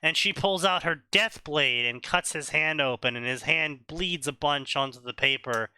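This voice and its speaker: A man's voice: fairly high pitch, normal speed, pushed and bright, clear, resonant tone, no room sound, studio quality. A young man co-hosting a comedy show, casually summarizing a story in rambling fashion with lots of filler. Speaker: co-host reading fanfiction.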